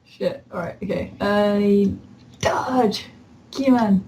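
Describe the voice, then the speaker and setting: A woman plays a tabletop game in relaxed, casual talk. She laughs often and swears freely. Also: mid-range voice, measured pace. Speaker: player.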